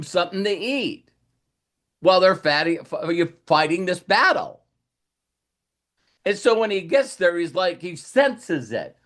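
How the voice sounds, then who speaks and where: A man's voice: high voice, fairly bright tone. A man coaching with a motivational talk, retelling stories in a rambling way and acting out the lines of the people in them. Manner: rambling storyteller who acts out quoted lines.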